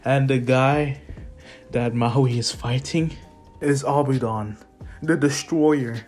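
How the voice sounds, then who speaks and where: A man's voice: mid-range voice, fairly even intonation, slow, a little mellow, soft background music. A man casually telling a made-up fan story, rambling with many fillers and corrections.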